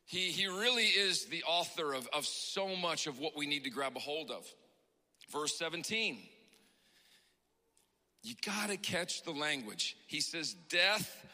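A male pastor preaching an emotional sermon in a church, building to passionate shouts. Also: on the high side, long reverb tail. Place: church hall.

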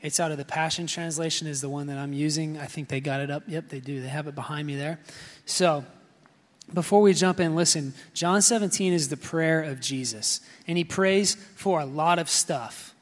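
A man's voice: fairly high pitch, normal speed, long reverb tail. A man preaching a sermon with personal stories, talking casually with many fillers and calling out to the congregation.

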